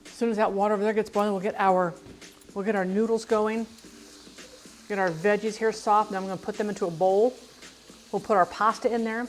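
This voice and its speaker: A middle-aged woman chats casually while cooking on a livestream, rambling and poking fun at herself. Her medium-pitched voice stays steady and runs a little fast, with frequent pauses and slight background noise.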